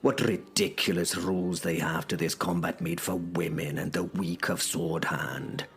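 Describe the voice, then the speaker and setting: A man's voice: low voice, fairly even intonation, unhurried, voice pushed down. A man voicing a proud, blunt, battle-hardened young medieval knight who narrates in formal, scornful old-fashioned speech. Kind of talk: audio drama first-person narration.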